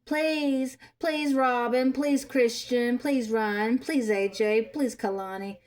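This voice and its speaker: Woman doing a pleading beggar voice, whiny, repetitive, high-pitched. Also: slow. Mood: begging, whiny. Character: whiny begging grown woman pleading for money.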